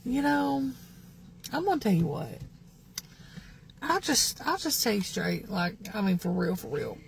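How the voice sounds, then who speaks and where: A woman's voice: medium pitch, big pitch swings, measured pace, gravelly, slight background noise. A woman in her fifties ranting to her followers in a vlog, indignant and rambling, repeating herself as she speaks to the camera outdoors at home. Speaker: vlogger. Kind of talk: angry vlog rant to followers.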